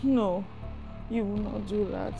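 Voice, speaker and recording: An actress with a Nigerian accent playing a frightened young wife who pleads and stammers apologies. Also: female voice, medium pitch, slow pace, vocal fry. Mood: terrified. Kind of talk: film acting. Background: film score music.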